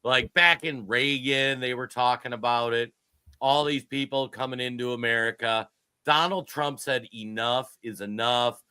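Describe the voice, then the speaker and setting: Man, fifty, podcast co-host, bright tense voice, excitable, dry close sound. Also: mid-range voice, measured pace, smooth, no echo. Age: 50s. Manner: excitable, joking, emphatic. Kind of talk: casual political podcast chat.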